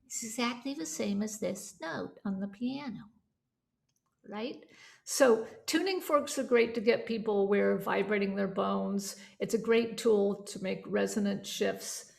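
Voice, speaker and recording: A woman teaching a vocal yoga certification class, chatty and animated, breaking off to demonstrate voices and resonance. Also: medium pitch, a little slow, creaky.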